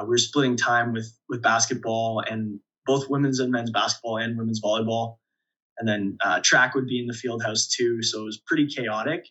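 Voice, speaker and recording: A young man talks through his playing days in a relaxed interview, chuckling as he goes. His voice is bright and a little husky. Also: mid-range voice, dull audio. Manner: relaxed storyteller, many restarts and chuckles. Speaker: volleyball player guest. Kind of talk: casual interview storytelling.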